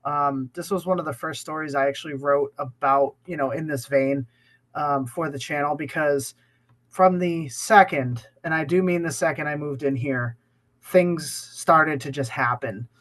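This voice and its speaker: A man's voice: on the high side, normal speed, a bit bright. A man co-hosting a podcast in casual chat, sick with a cough, talking at length and often restarting his sentences. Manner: talkative, rambling with many restarts. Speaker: podcast co-host.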